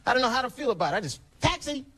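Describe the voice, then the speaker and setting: Against a noisy background, a man with a very high voice does a stand-up routine on a comedy stage before a live audience. He tells stories animatedly and slips into character voices.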